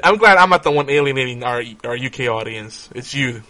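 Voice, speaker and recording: A man's voice: medium pitch, expressive, fairly quick, pushed and bright. A young man co-hosting a podcast, chatting loosely and laughing easily. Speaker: podcast co-host. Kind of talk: casual chat.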